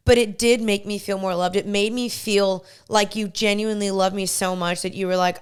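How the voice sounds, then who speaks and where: Podcast host, woman in her twenties, smooth clear voice, emotional and effusive. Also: medium pitch, fairly even intonation, normal speed, few pauses. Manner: gushing, emotional storytelling. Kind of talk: casual chat.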